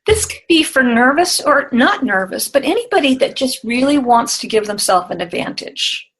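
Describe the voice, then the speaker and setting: A woman being interviewed as a speaking and presentation coach, talking in a lively, demonstrative way and acting out vocal exercises. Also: high voice, normal speed, slightly rough, low-quality recording. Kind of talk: conversational interview.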